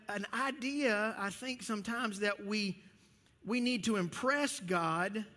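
A man's voice: sits high, bright, forceful tone, in a large hall. A man with a Texas accent preaching a sermon in a folksy storytelling way, full of restarts. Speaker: pastor.

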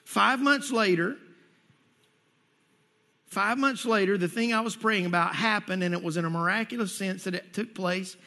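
High-voiced man preaching in a reverberant hall. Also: normal speed, vocal fry, bright, forceful tone. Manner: earnest storytelling, rising emphatic near the end. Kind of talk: sermon.

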